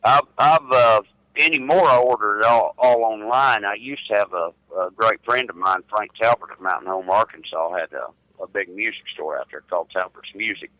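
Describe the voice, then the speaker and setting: A man's voice: fairly low pitch, moderate pace, pushed and bright, no echo, poor audio. A middle-aged man, chatting casually by phone and restarting his words as he drawls along. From United States. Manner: drawling, repeats words when starting. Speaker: truck driver calling in. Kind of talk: casual chat.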